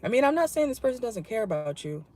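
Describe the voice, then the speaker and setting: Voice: mid-range voice, sing-song, fast, darkish tone. Blunt, salty tarot reader in a car. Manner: blunt, salty, chatty, laughs often. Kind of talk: casual channeled tarot reading. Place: parked car.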